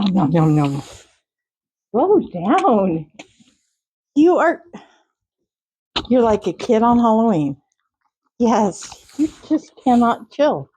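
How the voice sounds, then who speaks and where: A woman's voice: fairly high pitch, mellow, husky, poor audio. A woman in a horse stable, cooing affectionately to her horses and making kiss sounds, in a casual vlog. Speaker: horse owner. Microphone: handheld microphone.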